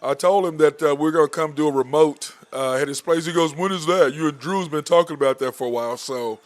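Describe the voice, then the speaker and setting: A man's voice: a little high, fast talker. A man hosting a casual sports podcast, loose and rambling, laughing as he tells stories. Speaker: podcast host. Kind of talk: casual sports show chat.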